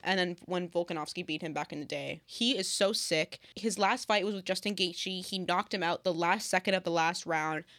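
A woman's voice: on the low side, fairly bright tone. Chatty young woman rambling about sports. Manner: rambling, fast, heavy "like" filler. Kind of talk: casual sports chat.

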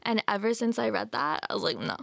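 Soft-spoken, gravelly woman guest. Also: on the high side, no room sound. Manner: soft, measured, radio-announcer-like delivery, lots of "like". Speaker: podcast guest. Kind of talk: casual podcast chat.

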